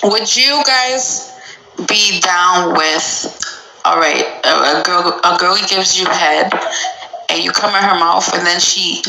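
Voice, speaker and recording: A woman's voice: lowish voice, takes it slowly, creaky, pushed and bright, slight background noise. A woman hosting a podcast, chatting casually and frankly while reading out listener stories. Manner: blunt, frank, laughs often. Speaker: podcast host. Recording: roomy echo.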